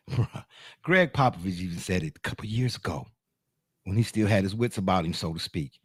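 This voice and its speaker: A man's voice: low voice, lively intonation, normal speed, pauses often, husky, no room sound, clean studio sound. A middle-aged man co-hosting a sports talk show, emphatic and slangy, laughing often as he argues.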